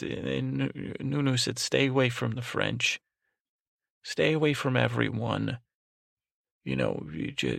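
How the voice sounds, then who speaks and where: A man's voice: medium pitch, vocal fry, fairly bright tone, no room sound, clean studio sound, exaggerated voice. A man voicing an overprotective, cranky old grandmother who rambles, trails off and restarts constantly in a comic improvised monologue. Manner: meandering, trails off, frequent restarts and "I don't know". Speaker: podcast host.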